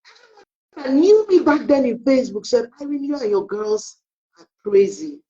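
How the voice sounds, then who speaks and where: On a live online talk captured in dull lo-fi audio, a middle-aged woman who works as a parenting coach tells family stories. Her voice is a little high at normal speed, and she animatedly performs the quoted dialogue.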